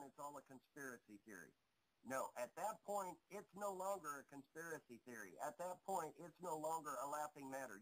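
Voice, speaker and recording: Hoarse, blunt man warning emphatically. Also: medium pitch, fairly bright tone, rough recording. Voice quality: coughing. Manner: blunt, emphatic, swears, repeats himself. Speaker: guest. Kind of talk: internet radio talk.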